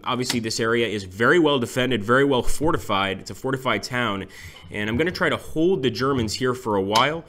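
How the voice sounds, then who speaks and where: A man casually commenting on his own strategy game as he plays, thinking aloud with frequent fillers. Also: medium pitch. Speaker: strategy game let's-play host. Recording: clear background noise and clicks.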